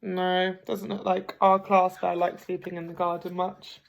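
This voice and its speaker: A woman teacher reading a picture book aloud to children at a gentle pace, pausing to ask them questions. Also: fairly low pitch, flat delivery, vocal fry, slight background noise. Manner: gentle, slow, asks the listeners questions. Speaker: primary school teacher. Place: home.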